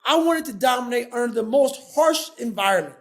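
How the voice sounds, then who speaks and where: A man's voice: extremely high pitch, animated, brisk. A man in his forties, a podcast guest, telling a story in an intense, emphatic way, swearing often. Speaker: guest, former Navy SEAL and endurance athlete.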